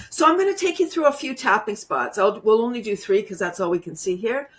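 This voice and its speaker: A woman's voice: medium pitch, lively intonation, fairly quick, a little hiss or hum. Upbeat woman guiding a laughter yoga demo, laughs a lot, talks to the viewers. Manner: bubbly, laughs often, coaching the viewers. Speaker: laughter yoga teacher, guest. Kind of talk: guided laughter exercise demo.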